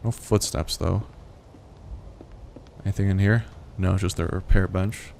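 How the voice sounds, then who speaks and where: A man with a somewhat low voice talks through his gameplay as a video host. His delivery is chatty and meandering, with "like" peppered throughout. A faint ambient hum sits underneath. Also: steady tone, unhurried, vocal fry, darkish tone. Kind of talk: casual gameplay commentary.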